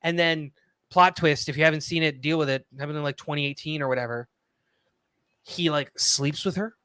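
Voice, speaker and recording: A man with a fairly high, bright, sharp voice chats casually on a livestream. He rambles through stories and leans on "um" and "like". The sound is dry and close. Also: fairly quick, clear, resonant tone, no room sound. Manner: rambling, fills gaps with "um" and "like".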